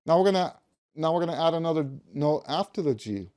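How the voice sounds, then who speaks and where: A man's voice: a little high, animated, quick pace, darkish tone. A man in his fifties teaching a practice method, stressing key words and humming notes as he explains. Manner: emphatic, repeats key words, hums note syllables. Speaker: music teacher. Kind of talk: instructional talk to camera.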